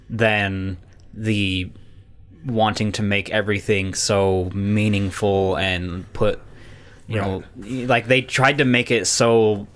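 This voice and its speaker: A man's voice: fairly low pitch, fairly bright tone. A man co-hosting a podcast in casual chat, rambling with lots of fillers and swearing. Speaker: podcast co-host.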